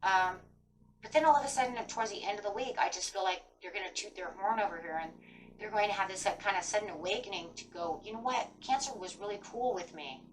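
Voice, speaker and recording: A woman's voice: medium pitch, fast talker, far from the mic, slight background noise, rough recording. Rambling woman giving a tarot reading. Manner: rambling, many fillers like "kind of". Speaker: tarot reader.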